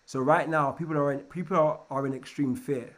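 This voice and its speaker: Man, somewhat high pitch, live trading lesson, energetic, checks in with listeners. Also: a little fast. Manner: energetic, keeps checking in with "right?"; repeats and restarts words. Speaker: trading coach.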